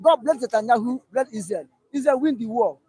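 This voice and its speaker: Man, Nigerian accent, very high voice, emphatic, repeats slogans and blessings. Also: lively intonation, fairly quick, darkish tone, husky. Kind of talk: animated phone-in talk.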